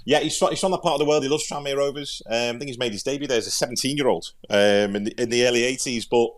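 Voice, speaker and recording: A man's voice: mid-range voice, steady tone, rapid-fire. A man with a Liverpool accent, co-hosting a football podcast in casual, rambling chat, often repeating words as he thinks. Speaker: podcast co-host and pundit.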